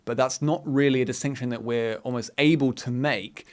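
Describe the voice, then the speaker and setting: A man's voice: medium pitch, fairly even intonation, moderate pace. A man hosting a podcast interview, talking in a conversational, thoughtful way with frequent fillers. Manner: conversational, thoughtful, uses fillers like "you know" and "um". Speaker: podcast host.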